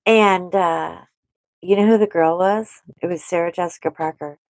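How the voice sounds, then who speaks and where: A woman hosting a casual livestream, chatting and telling a story while she draws, animated and acting out quotes. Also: fairly low pitch, normal speed, no room sound. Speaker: host.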